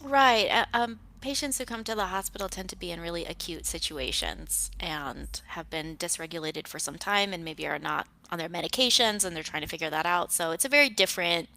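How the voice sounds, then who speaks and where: A young woman therapist, a guest on a podcast, explaining things in a calm, measured way. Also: fairly low pitch, vocal fry, low-quality recording. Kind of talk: conversational podcast interview.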